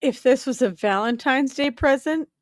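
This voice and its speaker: Woman, co-host, somewhat high voice, wry, dry studio sound. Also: no room sound. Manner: wry, quick quips. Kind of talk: casual banter.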